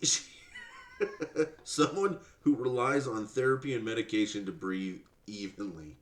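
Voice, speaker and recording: A man's voice: on the low side, measured pace. Guy ranting and swearing on his podcast, mocking tone, echoey room. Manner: sarcastic, profane, mocking. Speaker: podcast host. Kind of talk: ranting commentary.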